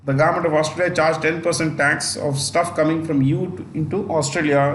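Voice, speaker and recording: A man's voice: fairly high pitch, a little fast, fairly bright tone. A man with an Indian English accent giving an exam-prep current affairs lecture, repeating phrases and checking in with his students. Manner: repetitive, restarts phrases, checks in with "got it?". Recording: echoey room with faint noise.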